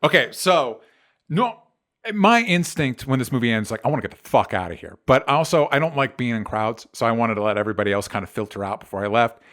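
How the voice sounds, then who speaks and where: A man's voice: medium pitch, expressive, fairly quick, a bit bright. A man co-hosting a casual chat show, ranting animatedly with exasperation and swearing. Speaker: podcast co-host.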